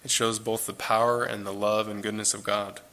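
A man's voice: fairly low pitch, little pitch movement, moderate pace, pushed and bright. A man giving an informal, earnest Bible teaching, talking conversationally and repeating phrases for emphasis.

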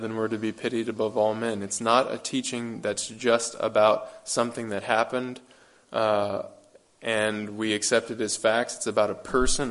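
With a lowish voice, a man preaches an earnest, emphatic sermon. He repeats phrases and poses rhetorical questions to his listeners.

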